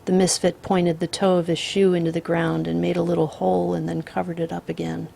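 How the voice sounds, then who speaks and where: A woman reads a literary short story aloud in a measured, steady voice. Her tone sits low with a gravelly texture. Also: a little hiss or hum. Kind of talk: literary audiobook narration.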